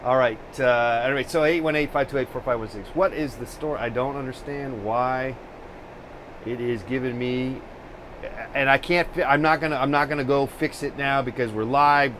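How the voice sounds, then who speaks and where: A man's voice: medium pitch, fairly even intonation, normal speed, a bit bright, a little hiss or hum. Exasperated man ranting on a live stream. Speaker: host of a live painting stream. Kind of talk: casual live-stream chat.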